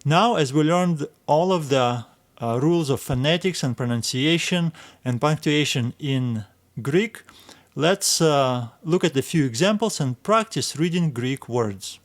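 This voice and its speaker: Man teaching in a somewhat high voice. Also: expressive, unhurried. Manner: patient step-by-step explaining, naming letters aloud. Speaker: Greek language teacher. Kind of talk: recorded video lesson.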